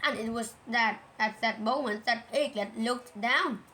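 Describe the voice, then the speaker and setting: A woman reading a children's storybook aloud in a gentle, measured way. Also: on the high side, rough recording.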